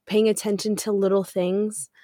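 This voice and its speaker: A woman's voice: medium pitch, level tone, normal speed, dark tone, no room sound. Young woman rambling heartfelt about faith, dry close sound. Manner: heartfelt, rambling, laughs easily. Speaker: podcast co-host. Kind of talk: casual faith podcast chat.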